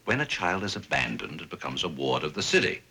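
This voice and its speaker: A smug, officious police lieutenant. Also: male voice, sits low, very animated, fairly quick, gravelly, sharp tone, breathy edge, exaggerated voice. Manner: stern, sarcastic, officious. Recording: faint hiss of old TV soundtrack.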